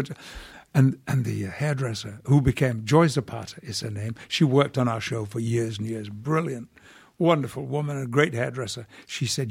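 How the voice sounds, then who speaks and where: Older male actor as a podcast guest; gravelly and husky, wry, measured anecdotes. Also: mid-range voice. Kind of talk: casual podcast interview.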